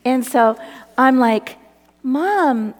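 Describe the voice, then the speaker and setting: A woman's voice: high-pitched, lively intonation, very slow. Middle-aged woman, personal testimony teller, earnest and laughing, echoing hall sound. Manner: earnest, breaks into laughter as the story builds. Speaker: storyteller. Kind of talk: personal faith storytelling.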